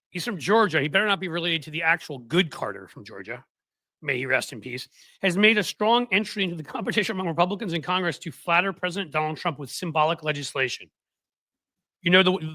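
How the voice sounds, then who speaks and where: A man hosting a political commentary show, chatting casually with a sarcastic, rambling, animated manner. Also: fairly high pitch, dry recording.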